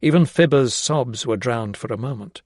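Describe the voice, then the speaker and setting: A man narrating a historical novel as an audiobook in a steady, even storytelling voice, recorded on a close studio mic. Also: mid-range voice, normal speed, no echo.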